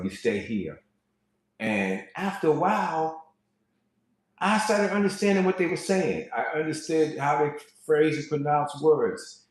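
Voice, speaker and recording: A man giving casual motivational preaching to a live online audience, quoting scripture and repeating words as he starts a thought. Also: mid-range voice. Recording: very echoey room.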